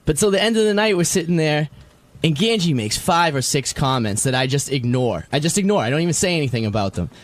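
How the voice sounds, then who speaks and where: Exasperated high-voiced man telling a story. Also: expressive, fast talker. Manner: exasperated, quotes himself. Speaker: show staffer. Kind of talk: recounting a story, then arguing.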